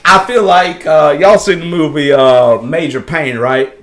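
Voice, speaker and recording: A man's voice: a little high, a little slow, fairly bright tone. A man, a podcast guest telling a story in casual chat, profane and often laughing.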